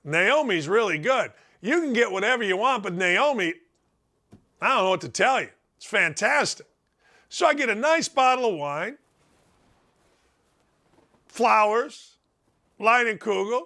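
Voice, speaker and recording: Brash high-pitched sports radio host man. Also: lively intonation, a little slow, long pauses. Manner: loud, brash, folksy, ribbing the audience. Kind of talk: animated opinion monologue.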